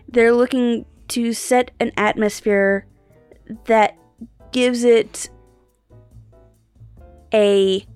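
A woman co-hosting a podcast in casual chat, thinking aloud in a halting way and often rephrasing herself. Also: medium pitch, smooth, no echo. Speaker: podcast co-host.

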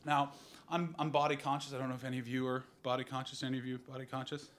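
A Canadian man in his thirties telling a stand-up comedy story and bantering with the audience, swinging from loud outbursts to low asides. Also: flat delivery, fast talker. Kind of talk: stand-up comedy with crowd work.

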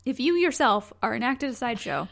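A young woman co-hosting a casual podcast chat, animated and quick to laugh. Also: fairly high pitch, gravelly. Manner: giggly, animated storyteller. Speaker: podcast co-host.

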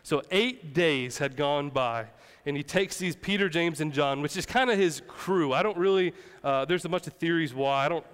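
A man's voice: fairly high pitch, normal speed, fairly bright tone, clean tone, in a large hall. A man preaching a sermon as pastor, in a casual, conversational way with playful asides.

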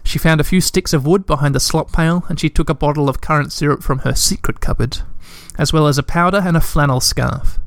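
Man reading a kids' storybook aloud, calm and even, a bit high-pitched, dry close sound. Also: brisk, creaky, few pauses, no room sound. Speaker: narrator.

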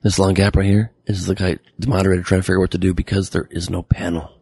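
A man's voice: low-pitched, little pitch movement, fast talker, a little mellow, husky, dry recording, studio quality. A man hosting a satirical comedy show, ranting with sarcastic incredulity. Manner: sarcastic, incredulous, mock rants. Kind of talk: satirical monologue.

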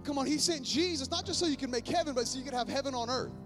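Man, pastor, high pitch, energetic sermon, music behind. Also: racing. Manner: energetic, calls on the congregation often. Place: church sanctuary.

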